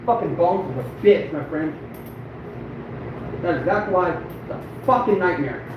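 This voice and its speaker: This man's voice is on the high side at a normal speed, and the recording sounds muffled, echoey and distant, with noise in the background. He's a fur trapper demonstrating his work on a casual live stream, cursing frequently and muttering complaints about himself with frustrated self-deprecation.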